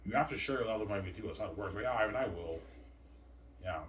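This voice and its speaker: A man's voice: fairly low pitch, animated, quick pace. A man rambling in a long monologue, repeatedly tacking "man" onto his sentences. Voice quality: repetitive, trails off with "man". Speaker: vlogger. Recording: roomy, distant from mic, faint noise.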